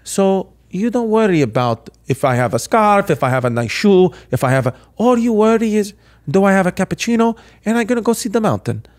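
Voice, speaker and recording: A man voicing a sixty-year-old Italian bellhop who gives calm life advice in broken English with an Italian accent. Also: high-pitched, brisk, voice pushed up. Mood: wise, easygoing. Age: 60s.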